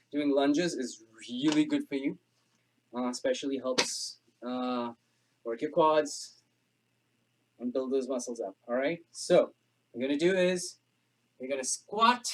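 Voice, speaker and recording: Panting, chatty male fitness instructor. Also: on the high side. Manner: chatty, jokes and laughs through the effort. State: panting from exercise. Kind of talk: home workout class instruction.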